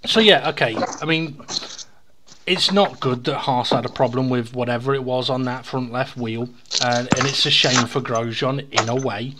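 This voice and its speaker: A man co-hosting a casual podcast, chatting in a relaxed way and teasing his co-host. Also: mid-range voice, moderate pace. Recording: clear background noise.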